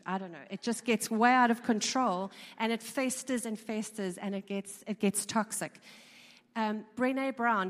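Woman chatting to a crowd in a big hall, mid-pitched, lots of ums and restarts, long echo. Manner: conversational, repeats words, frequent ums. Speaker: speaker. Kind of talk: informal talk to a live audience. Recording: long reverb of a large hall.

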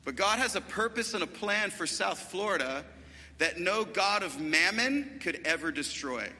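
A middle-aged man preaching a sermon with passion, moving quickly between loud and quiet passages. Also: sits high, expressive, long reverb tail. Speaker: guest preacher.

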